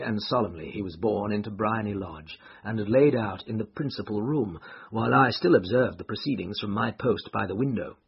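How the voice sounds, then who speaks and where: A man giving scripted first-person narration of a classic story, telling it in a measured, expressive way. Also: lowish voice, gravelly, husky. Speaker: audiobook narrator. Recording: muffled lo-fi recording.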